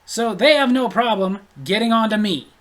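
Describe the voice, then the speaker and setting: A man's voice: high voice, normal speed, a bit bright. A man tells a story in a casual, spoken rant. He sounds blunt and exasperated, and he leans hard on his complaints. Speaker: storyteller vlogger.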